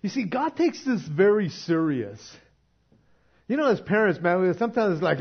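Animated preacher, lo-fi recording. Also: male voice, sits high, moderate pace, vocal fry, husky. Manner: conversational, laughs often, swings from quiet to emphatic. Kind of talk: casual sermon.

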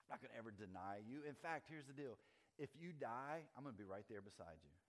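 A man's voice: mid-range voice, animated, fast, close to an everyday voice. A man doing a brash boastful disciple. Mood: defiant. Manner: casual, blustering paraphrase. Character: brash impulsive male disciple, boastful and sure. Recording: long hall reverb.

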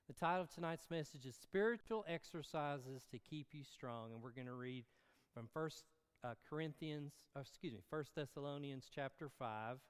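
A male pastor preaching a sermon in a smooth, resonant voice, earnest and unhurried, with filler ums and self-corrections along the way. His voice rings out with a long reverb, as if from a large hall. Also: mid-range voice.

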